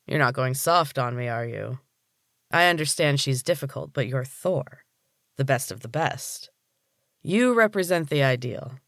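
A man's voice: mid-range voice, animated, measured pace, gravelly, a bit bright, no echo, clean studio sound. A man voicing a smug, commanding older gym boss in a read-aloud story.

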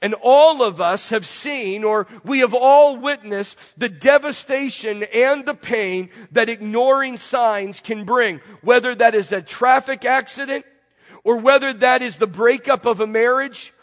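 A man delivers a sermon in a congested, fairly high voice, throwing rhetorical questions at his listeners and stacking repeated phrases. His words trail off into a long reverb. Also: a little slow, fairly bright tone. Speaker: pastor. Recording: long reverb from a large room.

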